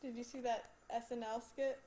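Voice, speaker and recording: A woman's voice: a little high, level tone, moderate pace, dark tone. A woman filming a home video, chatting playfully and coaxing her baby in a sing-song way. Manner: playful, coaxing baby talk with frequent laughter. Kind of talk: casual home-video chat. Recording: faint background noise.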